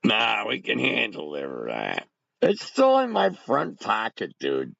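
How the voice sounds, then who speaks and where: Gravelly, rambling man on a livestream. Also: fairly low pitch, wildly swooping pitch, a little slow, a bit bright, no echo, muffled recording. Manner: rambling, talks to chat viewers by name. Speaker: livestream host. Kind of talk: rambling casual livestream chat. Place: home bunker.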